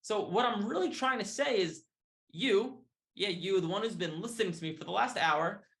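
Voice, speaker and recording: A man giving an upbeat, hard-sell sales pitch, often tagging his lines with "right?" and "okay?". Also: normal speed, creaky, a bit bright. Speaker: sales presenter.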